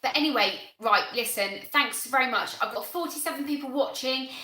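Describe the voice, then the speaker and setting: A woman's voice: high-pitched, a little fast, bright, forceful tone, reverberant, low-quality recording. A woman with a Bristolian accent, hosting a casual gardening live stream, chatting on and thanking viewers by name. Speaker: gardening channel host.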